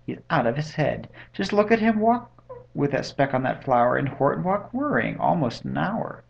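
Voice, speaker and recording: Man reading as gossipy jungle critters, mocking, gravelly, muffled sound. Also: a little high, very animated, normal speed. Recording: dull lo-fi webcam audio.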